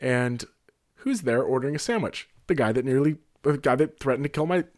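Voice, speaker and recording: A man at an ordinary middle pitch spins a loose, winding anecdote from his bartending days. His delivery is animated and digressive, and he breaks into laughter between phrases. It sounds like casual, unscripted storytelling. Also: brisk.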